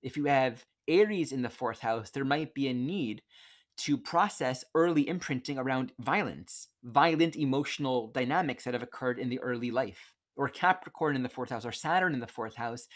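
Gentle, reflective male lecturer on a video call. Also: medium pitch, normal speed. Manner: gentle, reflective, reads quotes aloud with self-corrections. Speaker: astrology teacher.

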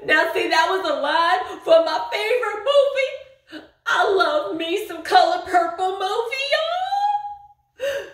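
A woman's voice: extremely high pitch, big pitch swings, slow, pauses often, roomy sound, recorded from a distance, exaggerated voice. A woman doing a fake-sobbing, sing-song self-pitying activist. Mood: smug boasting. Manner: drawling, says y'all a lot. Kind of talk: parody monologue.

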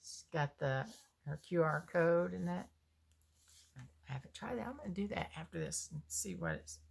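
A woman's voice: lowish voice, animated, gravelly, slightly rough. A woman, chatting casually as she unboxes homemade soap and muses aloud. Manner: slow, chatty, musing aloud.

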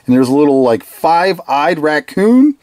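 A toy reviewer in a casual video review who giggles often, sounds excited, and playfully copies the toys' catchphrases. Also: medium pitch, measured pace, no room sound. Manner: giggly and enthusiastic, laughs often.

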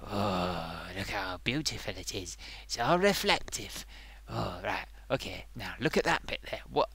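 A man voicing an excitable male sock puppet who hosts a comic makeup review, gushing and bumbling. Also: fairly low pitch, a little slow, creaky, husky, heavily acted. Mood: excited. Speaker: host.

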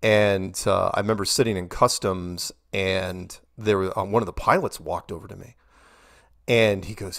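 A man's voice: on the low side, animated, moderate pace, vocal fry, fairly bright tone. A middle-aged American man, a guest in an interview, telling long rambling stories with quoted dialogue and frequent restarts. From United States. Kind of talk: casual storytelling interview.

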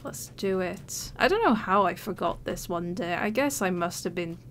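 A woman's voice: on the low side, expressive, normal speed, a bit bright, slight background noise. Chatty woman commentating a game. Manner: chatty, giggly, self-mocking. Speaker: let's play host. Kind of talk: casual gameplay commentary.

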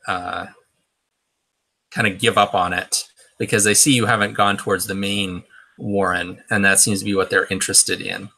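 A man's voice: on the low side, sharp tone. A man narrating a tabletop role-playing game as game master, in a hesitant way with many fillers and restarts.

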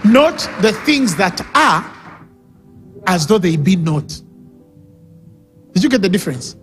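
Emphatic high-voiced male preacher. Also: big pitch swings, takes it slowly, a bit bright. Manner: emphatic, repeats key phrases, calls for audience response. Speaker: pastor. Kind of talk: sermon. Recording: reverberant hall with music underneath.

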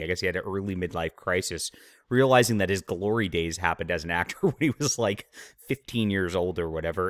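A man with a somewhat low voice, hosting his own channel and delivering opinionated commentary full of mocking, scornful remarks. The sound is dry and close, with almost no room around it. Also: fairly bright tone, no echo. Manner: mocking, sneering asides. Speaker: channel host, author.

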